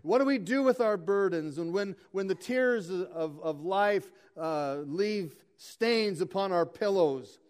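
Pastor, male, higher-pitched voice, earnest sermon delivery with slow emphatic scripture reading. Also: clear, resonant tone. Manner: earnest preaching, reads scripture slowly and emphatically.

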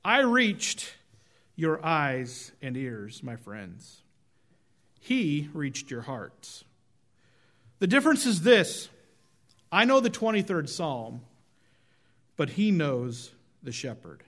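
A man voicing a famed male stage actor in a story he tells, speaking in an earnest, measured way. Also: high voice, lively intonation, fairly bright tone. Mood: moved.

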